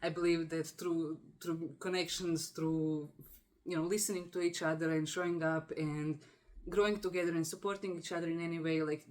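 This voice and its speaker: A young woman from Croatia, hosting a casual video-call interview, warm and effusive with many fillers and laughs. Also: low-pitched, flat delivery, normal speed. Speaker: podcast host.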